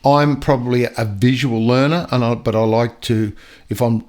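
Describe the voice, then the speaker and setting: Older man, casual podcast chat, animated, acts out voices. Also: medium pitch. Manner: animated, acts out dogs and people in quick voices. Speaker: podcast guest storyteller and dog trainer.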